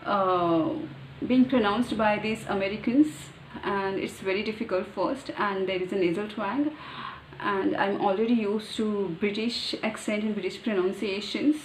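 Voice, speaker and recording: An Indian-accented woman, Marathi by birth, talks through her ideas in an earnest, step-by-step way. Her voice sits at an ordinary pitch. The room rings with echo, and faint ambient noise hums underneath. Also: steady tone, measured pace. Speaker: vlogger. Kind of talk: casual explainer monologue.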